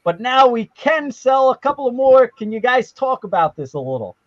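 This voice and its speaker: A man hosting a casual live-stream chat, rambling and excitable with many restarts. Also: very high-pitched, normal speed. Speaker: host. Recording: lo-fi, dull sound.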